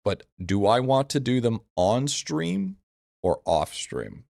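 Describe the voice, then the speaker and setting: A man's voice: mid-range voice, sing-song, slow pace, vocal fry, darkish tone, no echo. A man streaming a game live, chatting casually with viewers in a blunt, profane way and repeating his phrases.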